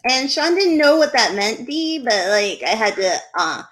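A woman's voice: on the high side, very animated, measured pace, a bit bright. A woman co-hosting a live podcast in casual chat, giggly and chatty, drifting off topic. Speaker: podcast co-host.

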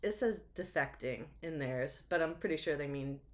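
A woman's voice: deep voice, animated, moderate pace. A woman with a New England accent, co-hosting a podcast and telling stories with lots of laughter and animation. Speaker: podcast co-host. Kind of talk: casual podcast chat.

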